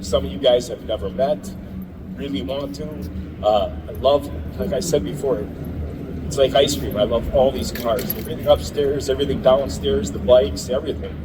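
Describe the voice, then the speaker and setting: A man giving a humble, halting acceptance speech. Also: mid-range voice. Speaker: award inductee. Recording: distant mic with noisy background.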